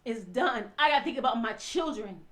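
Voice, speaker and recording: Tearful, impassioned high-voiced woman. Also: animated, a little fast. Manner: impassioned, swinging from hushed to loud and forceful. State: crying. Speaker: speaker telling her own story. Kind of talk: emotional personal testimony.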